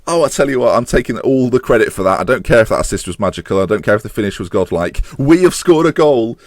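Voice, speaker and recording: He rattles along quickly in excited live commentary over a football management game, letting out groans and curses at the match, his voice rising as scoring chances come close. There's no room sound in this let's-play recording.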